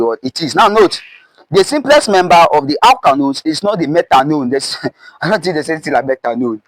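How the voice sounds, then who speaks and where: Standing at the board, a chemistry teacher with a Nigerian accent repeats key terms insistently, prodding students with "what" and "right?". He speaks at a fairly high pitch, and the recording is rough but has no echo.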